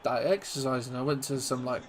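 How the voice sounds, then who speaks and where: A man's voice: mid-range voice, a little fast. Chatty man commentating his football game. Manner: chatty, rambling, bursts into excited goal shouts. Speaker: gaming YouTuber. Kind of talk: casual gameplay commentary.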